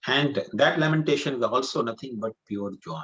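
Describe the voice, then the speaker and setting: A man at a middle pitch teaches a scripture class with earnest, patient repetition. He circles back to his point and fills gaps with "you know." The sound is dull and lo-fi. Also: moderate pace, fairly bright tone. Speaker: spiritual teacher.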